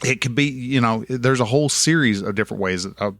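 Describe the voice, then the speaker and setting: A man's voice: mid-range voice, fast talker, fairly bright tone, no echo, clean studio sound. A young man talking casually on his podcast, rambling and folksy, correcting himself as he goes. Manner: rambling, folksy, self-correcting with many restarts. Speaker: podcast host. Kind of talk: casual solo podcast monologue.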